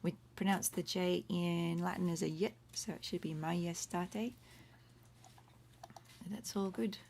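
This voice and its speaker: Her fairly low, darkish voice has vocal fry and a steady tone at normal speed. A middle-aged woman from Australia, she hosts a casual Latin livestream from home, faint room noise in the recording, going word by word and breaking off for commentary.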